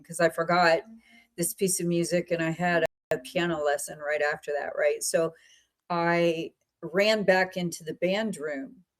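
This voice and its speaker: Podcast host: a woman from central Pennsylvania with a lowish voice, rambling but lively storyteller. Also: rough recording. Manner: chatty, meandering, animated. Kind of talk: casual storytelling chat.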